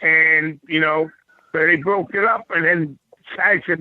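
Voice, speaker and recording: High-voiced man on a tinny line. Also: a little slow, dry recording. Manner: loose, conversational. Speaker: podcast guest. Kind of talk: casual storytelling. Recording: thin phone-like dry sound.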